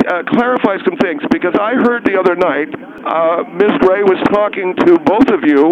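An actor playing a self-important male caller in a radio comedy sketch, pompous and flustered, stumbling over his words. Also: high voice. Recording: muffled radio broadcast with crowd noise.

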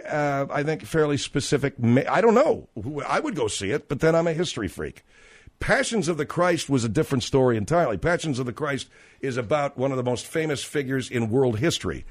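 Male talk radio host, middle-aged, brash and irritable with a slightly high voice.

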